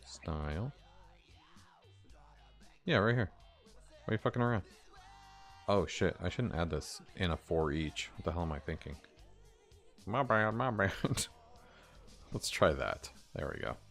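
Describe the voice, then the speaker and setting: A man developing a game on a live stream, talking to himself and swearing casually, his voice a bit hoarse. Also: sits low, lively intonation, unhurried, pauses often, a bit bright, soft background music.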